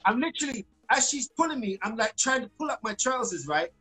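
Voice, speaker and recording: A British singer telling stories as a guest in a casual live-stream interview, animated and full of fillers, restarts and acted-out quotes. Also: male voice, sits high, fairly quick, soft background music, low-quality recording. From Britain.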